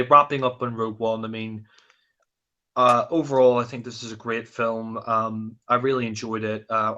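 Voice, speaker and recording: Man, low voice, bright tone, casual chat, rambling, many ums and restarts. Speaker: film review co-host.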